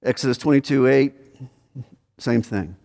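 A man's voice: medium pitch, measured pace, vocal fry, darkish tone. A man preaching a conversational expository sermon, asking questions and pressing his points with emphasis. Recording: hall reverb.

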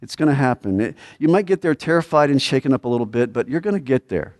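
A man preaching a sermon in a mid-pitched voice, talking to his listeners like a conversation. He throws rhetorical questions at them and lifts his voice into pleading cries, then sinks to quiet, low remarks. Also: expressive, fast. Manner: swings between raised pleading lines and low quiet asides. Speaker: pastor.

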